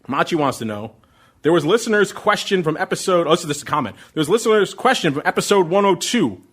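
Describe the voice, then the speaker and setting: A middle-aged man hosting a podcast, answering listener questions about options trading in an excitable, ramped-up way. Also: a little high, husky. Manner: excitable, fast, ramped-up delivery. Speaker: podcast host.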